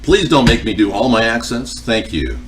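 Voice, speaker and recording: A man's voice: medium pitch, very animated, moderate pace, recorded from a distance, slight background noise. A man hosting a cooking livestream at home, chatting casually and joking with viewers in a rambling way. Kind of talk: casual chat answering viewer comments. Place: home kitchen.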